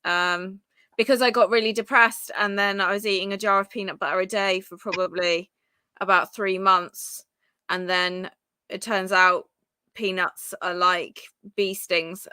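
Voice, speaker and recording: Chatty woman co-host, bright forward tone, close dry mic, candid and rambling. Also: medium pitch, clear, resonant tone, no echo. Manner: chatty, candid, trailing fillers. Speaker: podcast co-host. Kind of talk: casual live podcast chat.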